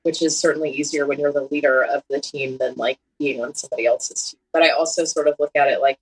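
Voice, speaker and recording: A woman's voice: low-pitched, fairly even intonation, fast, few pauses, breathy edge, rough recording. A woman in her thirties, a surgeon and podcast guest, chatting candidly and poking fun at herself, often laughing as she talks. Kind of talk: casual conversation.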